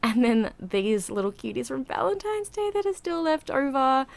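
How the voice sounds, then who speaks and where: A woman's voice: high voice, big pitch swings, normal speed, gravelly. A woman, a channel host narrating a voiceover in a chatty, rambling, giggly way, a little out of breath. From Australia. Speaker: vlogger. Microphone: home voiceover mic.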